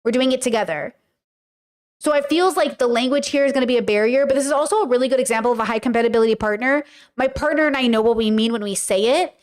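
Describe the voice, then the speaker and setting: A woman with a high voice talks straight to her viewers in a loose podcast monologue. She speaks frankly, swears casually and fills her sentences with "like". She slips into quoted lines as she makes her points. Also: fast. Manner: chatty, frank, many fillers, acts out quoted speech. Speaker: podcast host.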